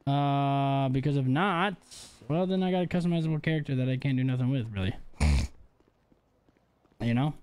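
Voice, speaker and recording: Playful young dad streaming a game. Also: male voice, mid-range voice, normal speed, pauses often, darkish tone, smooth, dry recording. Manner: playful, chatty, talks to his baby son and chat. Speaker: livestreamer and father. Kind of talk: casual gaming livestream chat.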